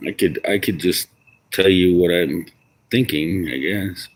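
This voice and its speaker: A man's voice: sits low, measured pace, a little hiss or hum. A tipsy man rambling and swearing through a casual livestream outdoors at home, chuckling to himself. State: intoxicated.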